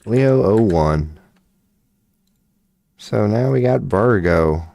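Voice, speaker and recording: A man with a fairly low, warm voice hosts an astrology live stream, his lively intonation mixed with drawn-out words and vocal fry. He's laid-back and profane, muttering casually while working on his computer, and there's no room sound.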